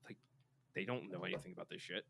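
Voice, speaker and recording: A man's voice: sits low, fast, creaky, sharp tone, husky. A man co-hosting a podcast in casual chat, joking and playful, reading listener messages aloud. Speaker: podcast co-host.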